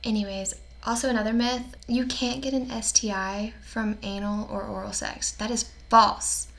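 Playful young woman with a higher voice. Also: steady tone, moderate pace, vocal fry, fairly bright tone. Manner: playful, upbeat and joking. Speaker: podcast co-host. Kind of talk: casual chat.

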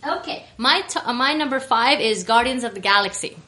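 Chatty upbeat woman, high-ish bright voice, laughs a lot. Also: animated, brisk. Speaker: podcast co-host. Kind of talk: casual chat.

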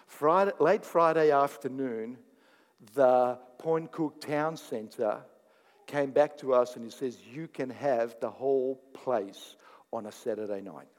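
A man preaching a sermon, telling stories and acting out conversations in an animated way. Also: medium pitch, slow pace. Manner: animated, laughing, acts out dialogue. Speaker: pastor. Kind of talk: sermon with storytelling. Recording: long hall reverb.

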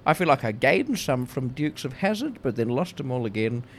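A man co-hosting a comedy podcast, trading improvised deadpan banter with dry, mock-pompous wordplay. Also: medium pitch, normal speed, slight background noise.

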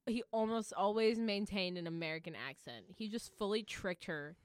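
A woman's voice: medium pitch, normal speed, clear, resonant tone, no room sound. A young woman co-hosting a podcast in casual chat, playful and teasing, often giggling. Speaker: podcast co-host.

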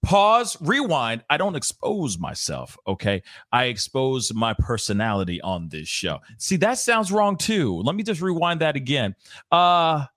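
A man's voice: medium pitch, huge pitch swings, normal speed, few pauses, a bit bright, dry recording, studio quality. A man hosting a casual interview show, laid-back and slangy, joking as he corrects himself. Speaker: podcast host. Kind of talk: casual chat.

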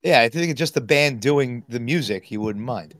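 Podcast co-host: lively-voiced man, teasing, fumbles for words, dry close sound. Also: mid-range voice, moderate pace, no echo. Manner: teasing, hesitant, with many fillers. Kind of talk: casual chat.

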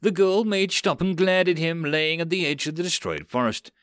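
A man reading a web novel audiobook in an animated narration style. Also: a little high, moderate pace, clean tone, no echo, studio quality.

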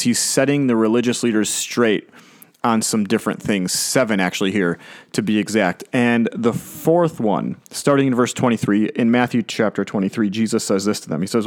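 Male pastor, relaxed conversational sermon delivery, laughs easily, mid-pitched voice. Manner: conversational, chuckles often, asks the audience questions.

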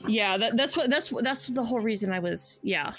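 A woman's voice: on the high side, lively intonation, moderate pace, soft background music. Blunt, swearing woman player. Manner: blunt, exasperated, swears freely. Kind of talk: casual tabletop play.

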